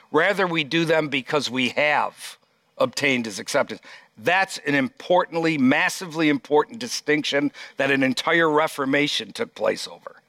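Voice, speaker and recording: A man's voice: a little high, sharp tone, no room sound. A pastor preaching a sermon, reading scripture aloud and stressing his points emphatically.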